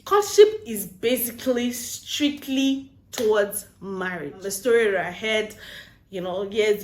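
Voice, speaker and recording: Animated woman vlogging advice. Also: medium pitch. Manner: animated storyteller, mixes in pidgin phrases. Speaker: Christian relationship vlogger. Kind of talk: casual advice vlog. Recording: roomy echo.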